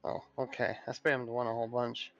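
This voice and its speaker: A man's voice: mid-range voice, fairly even intonation, brisk, a bit bright, no echo, muffled recording, soft background music. A man playing in a tabletop game, chatting casually with short laid-back quips. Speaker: player.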